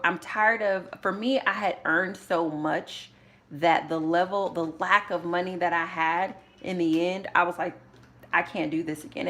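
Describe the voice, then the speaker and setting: Bright-voiced chatty woman vlogger. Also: lowish voice. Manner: chatty and candid, frequent restarts and fillers; storytelling, sometimes quietly working through numbers. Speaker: budgeting vlogger. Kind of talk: casual live-stream chat while budgeting.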